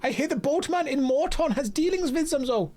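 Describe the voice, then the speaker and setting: A man's voice: very high-pitched, expressive, brisk, darkish tone, faint music behind, voice pushed up. A man voicing a game character giving quest news, in an exaggerated put-on accent. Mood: theatrical.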